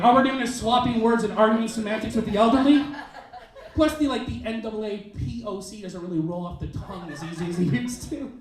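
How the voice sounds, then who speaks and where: A man performing a stand-up comedy set on a club stage, acting out characters in quick bits. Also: high-pitched, very echoey, far from the mic. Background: audience laughter.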